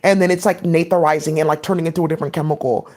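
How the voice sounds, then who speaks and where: A woman's voice: deep voice, steady tone, racing, darkish tone. A woman talking in a rambling, scattered monologue as a vlogger, with many "like" fillers.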